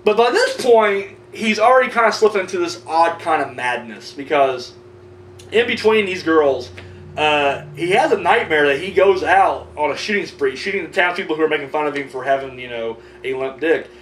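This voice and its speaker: Over a roomy, distant mic with a faint hum, a man recaps a horror film in a loose, rambling, profane way, peppering it with "you know" and "like." His voice is a little high, expressive, and a bit bright, at a normal speed.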